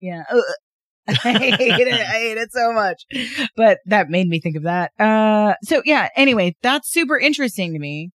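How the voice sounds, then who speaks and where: A woman's voice: medium pitch, expressive, moderate pace, fairly bright tone, no echo. A woman co-hosting a podcast in casual chat, chatty and giggly with lots of fillers. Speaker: podcast co-host.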